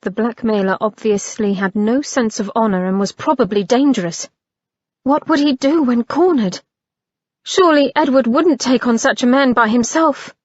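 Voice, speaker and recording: A woman narrating an audiobook in a measured, expressive reading. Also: a little high, no echo, dull audio.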